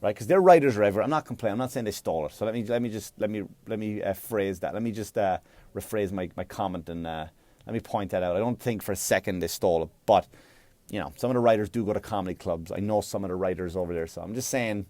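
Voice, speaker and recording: An Irish man doing a stand-up comedy monologue, swearing and animated in his delivery. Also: lowish voice, fast talker, no echo. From Ireland.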